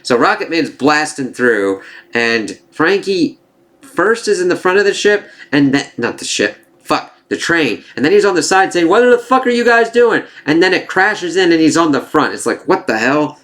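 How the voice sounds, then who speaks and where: A man's voice: a little high, very animated, moderate pace, fairly bright tone. A man giving a casual spoken review of an anime season, rambling with fillers and swearing freely as he gets worked up.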